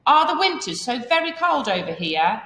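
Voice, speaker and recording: A woman's voice: fairly high pitch, big pitch swings, normal speed, fairly bright tone, roomy sound, big-room sound, voice pushed up. A woman voicing a worried male monkey father in a storybook reading. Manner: worried, exclaiming.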